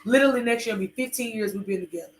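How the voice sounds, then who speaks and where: A woman's voice: a little high, very fast, echoey room, slight background noise. A woman co-hosting a podcast, chatting candidly with her husband and rambling with many fillers. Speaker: podcast co-host. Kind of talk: casual chat with her husband.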